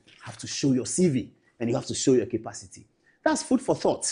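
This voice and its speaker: A Ghanaian man hosting a TV political talk show, speaking in a slightly husky voice. He talks quickly, with a pitch that swings widely as he scolds and mocks. His delivery is emphatic and animated.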